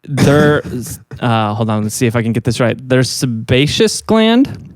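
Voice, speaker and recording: A man's voice: mid-range voice, sing-song, measured pace, no room sound. A man co-hosting a podcast, telling a story in a casual, rambling way with lots of fillers. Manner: rambling, many fillers and acted quotes. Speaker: podcast co-host.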